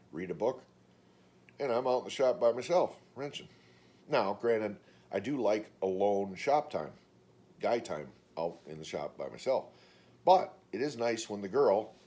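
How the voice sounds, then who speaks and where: A middle-aged man in a rambling vlog monologue, his pitch swinging widely as he tells stories. He often jumps into higher voices to mimic other people, then drops back down to a flat, low grumble. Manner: animated storytelling, mimics others in high voices. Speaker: vlogger.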